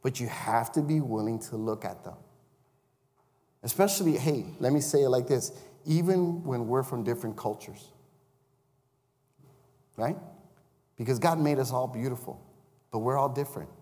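A man's voice: medium pitch, normal speed, long pauses, warm tone. Male chaplain-preacher, mid-range voice, chatty sermon delivery, recorded in a church sanctuary with a long echo. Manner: conversational, asks the congregation questions.

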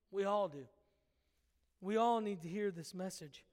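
A man's voice: sits high, normal speed, in a large hall. A man preaching a sermon in an emphatic, conversational way, asking his listeners questions directly.

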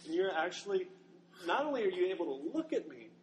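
A woman's voice: lowish voice, big pitch swings, quick pace, darkish tone. A man voicing a desperate young woman who is being sold as a slave, speaking in a pleading, self-condemning way. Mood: disbelieving. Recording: long hall reverb, faint noise.

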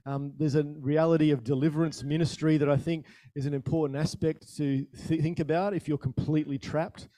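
A man preaching a sermon in a conversational style, asking the listeners questions and telling stories with sudden bursts of loudness. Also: a little high, fairly quick, few pauses, no room sound, clean studio sound. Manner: animated storytelling with sudden rises in volume. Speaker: pastor.

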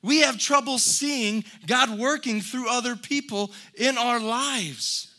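High, bright-voiced preaching man. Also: slow. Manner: earnest, building to emphatic exhortations; folksy storytelling with light laughs. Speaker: pastor. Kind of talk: sermon.

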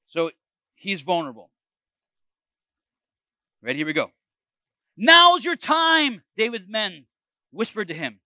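Lively, joking male preacher telling a Bible story with playful asides. His voice is high and bright, with wide pitch swings. The sound is close and dry. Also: measured pace, long pauses, no echo. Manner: animated and joking, with asides to listeners. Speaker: pastor. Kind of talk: retelling a Bible story to a congregation.

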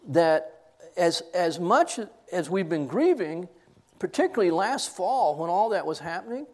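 Animated older man teaching scripture. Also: on the high side. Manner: animated, laughs and chokes up while telling stories. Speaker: Bible teacher. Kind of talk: classroom sermon.

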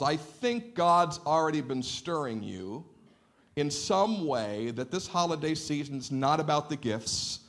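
A middle-aged man preaching a sermon in a church sanctuary, a lively and playful storyteller who acts out the dialogue in his anecdotes. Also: medium pitch. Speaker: pastor.

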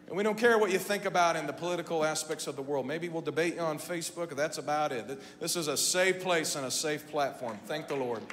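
A man preaching a sermon to his congregation, going from quiet, conversational talk up to shouting. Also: fairly high pitch. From Midwestern United States. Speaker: pastor. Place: church sanctuary. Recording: long hall reverb, faint hum.

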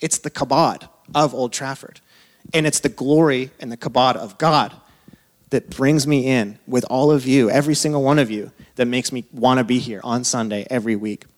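A man's voice: medium pitch, fairly even intonation, normal speed. Casual, laughing young preacher man. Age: 30s. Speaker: pastor. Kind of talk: sermon.

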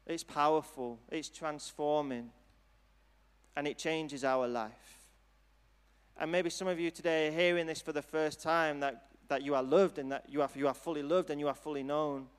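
A man preaching a sermon and altar call in a church hall, speaking in an earnest, gentle, unhurried way. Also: a little high, steady tone, smooth. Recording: long hall reverb.

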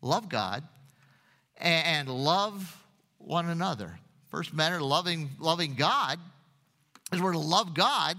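Male pastor, preaching; bright, slightly high voice, echo of a big church hall. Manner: repeats words, asks the congregation questions. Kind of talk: sermon.

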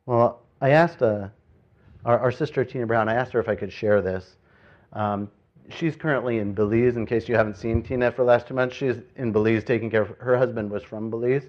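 A man preaching to his congregation in a casual, storytelling way. He pushes key points out loudly, then drops to near-private quiet asides. The recording sounds a little dull and muffled. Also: mid-range voice, steady tone, brisk. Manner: conversational preaching with sudden loud emphasis and quiet asides. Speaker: pastor. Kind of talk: sermon.

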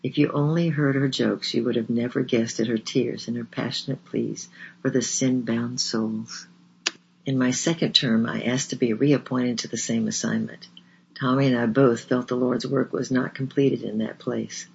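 A man reading a memoir aloud in a measured, earnest way, in a slightly dull lo-fi recording. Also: mid-range voice, fairly even intonation, creaky, darkish tone, a little hiss or hum. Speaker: audiobook narrator.

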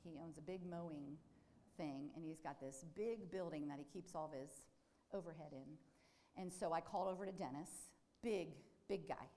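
Lady giving a talk to a group, tells stories, asks the crowd stuff, lowish voice. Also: normal speed. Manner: animated storyteller who asks the audience questions. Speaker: nurse speaking to a group. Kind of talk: storytelling devotional talk.

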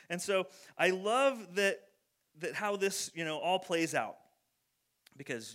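A man with a high, bright voice preaching a laid-back sermon. He talks animatedly, drops in plenty of "like", and slips into voices to act out what people said. The tone is forceful and bright. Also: measured pace. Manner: animated, acts out quotes in voices, many "like" fillers. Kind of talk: casual conversational sermon.

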